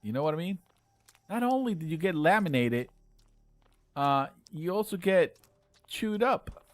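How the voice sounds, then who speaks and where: A man hosting a live game stream, chatting playfully with viewers and bursting into loud exclamations. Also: sits high, lively intonation, a little slow, no room sound. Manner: argues jokingly with chat. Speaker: livestream host playing a game with viewers. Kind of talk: live gaming commentary.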